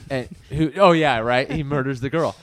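A man co-hosting a podcast, telling an animated anecdote in casual chat. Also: mid-range voice, moderate pace, no echo. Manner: animated anecdote-teller, mimics friends' voices. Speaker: podcast co-host.

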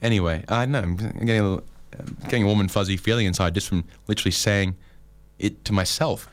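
A man's voice: on the low side, animated, brisk, over music. A man rambling through a comic monologue with dry, self-mocking asides. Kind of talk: comedic monologue.

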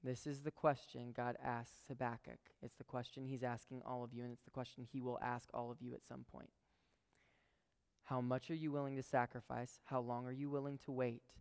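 A man's voice: mid-range voice, flat delivery, moderate pace, gravelly, a little mellow, smooth. A young man preaching a sermon, telling a story and talking earnestly to the crowd. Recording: long hall reverb.

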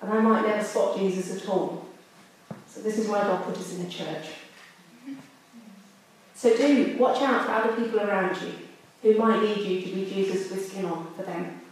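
A woman's voice: mid-range voice, moderate pace, pauses often, a little mellow. A woman preaching a sermon in a candid, conversational way. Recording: echoey room, distant mic.

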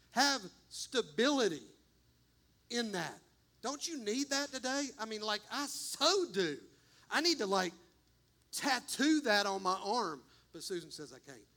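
High-voiced pastor preaching fervently. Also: male voice, bright, forceful tone. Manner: fervent preaching, addresses congregation as y'all. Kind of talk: sermon. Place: church sanctuary.

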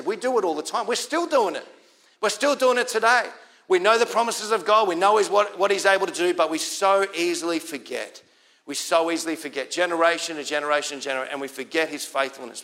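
High-voiced Australian pastor preaching. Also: male voice, pushed and bright. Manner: conversational, repeats key lines for emphasis. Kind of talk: sermon.

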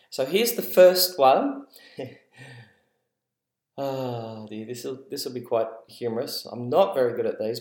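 A man's voice: medium pitch, a little mellow. A man with an Australian accent hosting a casual educational podcast, chatty and encouraging, laughing at himself. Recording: roomy echo.

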